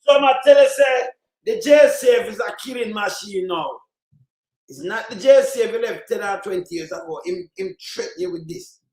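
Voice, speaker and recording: A man with a Jamaican accent ranting angrily about politics in patois, repeating himself and bursting into shouts. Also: sits high, moderate pace, reverberant, rough recording. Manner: heated, repetitive, bursts into shouting. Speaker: commentator. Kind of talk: angry political rant in patois.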